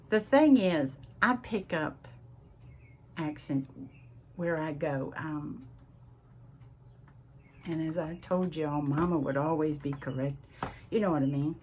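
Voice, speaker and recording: A woman with a Southern US accent, chatting casually at her home craft desk as she hosts a crafting vlog, drawn-out and full of laughs. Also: deep voice, slight background noise. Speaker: crafting channel host.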